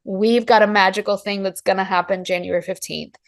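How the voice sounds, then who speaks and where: Middle-aged woman teaching ayurveda on a webinar, passionate and emphatic, lively storytelling, mid pitch. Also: a little fast, gravelly. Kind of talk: webinar talk.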